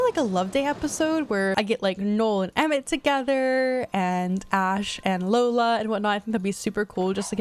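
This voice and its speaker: A woman's voice: mid-range voice, slight background noise. A young woman in her twenties giving casual gameplay commentary, chatting to her viewers and to the characters on screen. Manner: chatty, talks straight to viewers and to her Sims. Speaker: gaming channel host.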